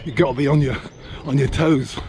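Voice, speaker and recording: A man's voice: mid-range voice, a little fast, noisy background. A man talking to the camera as a travel vlogger, musing and chatty as he walks city streets. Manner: musing, chatty, talks to himself. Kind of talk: casual vlog narration. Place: city streets and hotel room.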